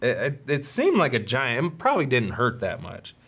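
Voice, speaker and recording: A man's voice: mid-range voice, huge pitch swings, normal speed, fairly bright tone, husky. A man hosting his own podcast, telling stories from childhood in a candid, rambling, self-deprecating way. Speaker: podcast host. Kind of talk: solo storytelling podcast.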